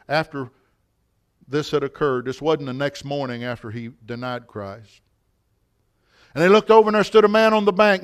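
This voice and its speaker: A male pastor preaching a sermon at a church service, telling a story with passion, emphasis and repetition. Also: high-pitched.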